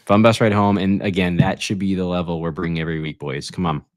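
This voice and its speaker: A man co-hosting a casual soccer podcast, quick and joking. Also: sits low, flat delivery, no echo, studio quality. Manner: quick, joking, laughs often. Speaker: podcast co-host.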